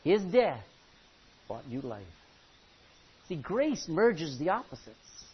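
A male pastor preaching a sermon from the front of a church, impassioned, swinging from loud pleading to low intensity. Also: very animated, slow. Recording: dull lo-fi recording with faint hiss.

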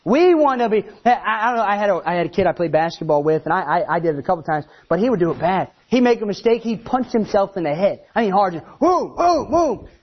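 High-voiced animated preacher man. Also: fast, few pauses, lo-fi sound. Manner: animated, acts out quoted voices. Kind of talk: sermon.

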